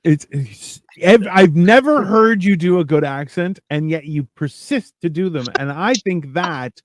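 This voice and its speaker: A man's voice: high-pitched, lively intonation, a little slow. A man hosting a podcast, chatting casually in a rambling, joking, self-mocking way. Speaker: podcast host. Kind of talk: casual comedic chat.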